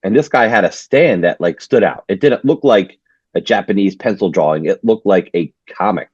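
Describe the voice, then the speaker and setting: A man's voice: sits low, expressive, moderate pace, husky, no room sound. A man co-hosting a comics podcast in casual conversation, talking with hesitant restarts. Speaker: podcast co-host. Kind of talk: casual chat. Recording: dull lo-fi mic.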